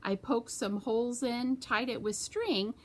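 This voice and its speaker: A woman's voice: fairly high pitch, measured pace, darkish tone. A woman children's librarian leading a storytime, reading a story with sound effects and doing hand-motion rhymes.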